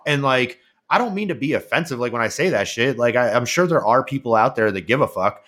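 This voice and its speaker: A man's voice: mid-range voice, a little fast. A man co-hosting a podcast in casual chat, rambling and swearing freely as he tells stories. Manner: profane, rambling, animated storytelling. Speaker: podcast co-host.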